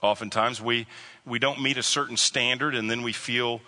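A man's voice: medium pitch, fairly even intonation, sharp tone. Emphatic male preacher in a reverberant room. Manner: emphatic, repeats key phrases, slows down on stressed lines. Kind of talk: sermon.

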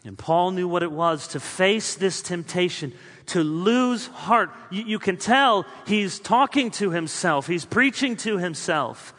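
A man preaching a sermon as a pastor, building through spoken lists and then dropping quiet for emphasis. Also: sits high, animated, measured pace. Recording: long hall reverb.

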